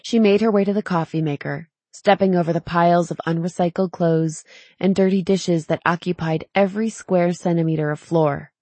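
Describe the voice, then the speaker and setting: A woman narrating a novel in an even, measured storytelling manner. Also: lowish voice, dry recording. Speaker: audiobook narrator. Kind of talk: scripted narration.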